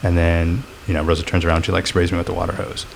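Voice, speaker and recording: Low-voiced man, reflective and rambling. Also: little pitch movement, quick pace, gravelly, slight background noise. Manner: reflective, talks in long rambling runs with many fillers. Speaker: guest. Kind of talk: casual podcast chat.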